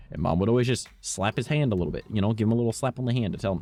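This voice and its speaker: Streaming with faint game music in the background, a young man spins long, rambling stories in casual chat, cursing often, chuckling at his own tales, and peppering them with "right?" and "all right?". He talks fast in a lowish, darkish voice.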